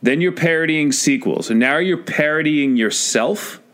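A man's voice: fairly high pitch, moderate pace, a bit bright. A man co-hosting a podcast, giving blunt, dismissive opinions in casual chat about films. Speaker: podcast co-host.

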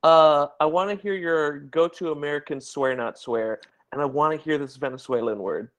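A man's voice: fairly high pitch, normal speed, fairly bright tone. A man hosting a podcast who jokes around and sets up absurd scenarios for his guest. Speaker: podcast host. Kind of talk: casual interview chat.

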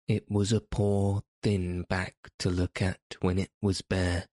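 Male audiobook narrator, very low voice, dry close studio sound. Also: flat delivery, takes it slowly, warm tone, no echo. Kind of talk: scripted narration.

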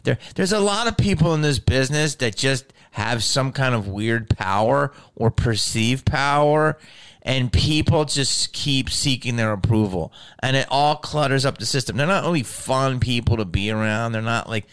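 Profane ranting man with a smooth voice. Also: mid-range voice, normal speed. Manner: profane, animated ranting with restarts. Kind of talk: casual ranting chat.

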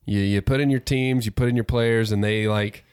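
A man's voice: lowish voice, steady tone, moderate pace, a little mellow, clean tone, no room sound, studio quality. A man co-hosting a casual sports podcast, giving laid-back, opinionated takes and laughing easily. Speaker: podcast co-host.

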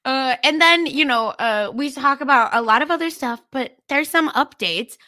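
A woman's voice: sits high, normal speed, pushed and bright. A young woman from India co-hosting a podcast, recapping a TV episode in casual, bubbly chat full of fillers. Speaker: podcast co-host.

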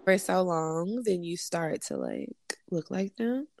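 A woman in laid-back banter with a friend, teasing and quick to giggle. Her voice sits a little low but moves around a lot. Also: wildly swooping pitch, darkish tone. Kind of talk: casual chat, guessing game.

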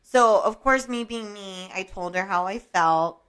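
A woman's voice: medium pitch, unhurried, fairly bright tone, clean tone. A young woman co-hosting a podcast in casual chat, telling a story loosely with lots of filler words and the odd swear. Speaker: podcast co-host.

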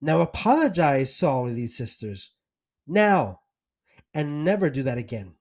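A man's voice: on the high side, sing-song, unhurried, a little mellow, exaggerated voice. A man voicing a harsh domineering mother superior. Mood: scolding. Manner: harsh, scolding, falsely sweet. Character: stern domineering older woman, mother superior.

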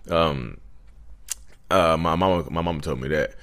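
Man, 30s, very low voice, casual storytelling vlogger, conversational and chatty. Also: moderate pace, fairly bright tone. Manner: loose and conversational, full of 'you know what I mean' and acted-out quotes. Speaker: vlogger talking about his own personality disorder.

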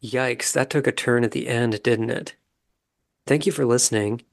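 Calm man with a gravelly voice. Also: mid-range voice. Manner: calm, measured, analytical. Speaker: podcast host. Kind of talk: casual commentary recapping a reality show.

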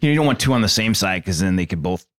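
A man's voice: deep voice, expressive, fast talker, dry recording, studio quality. A man hosting a sports podcast, telling a story in a laid-back way with lots of fillers. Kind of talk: casual chat.

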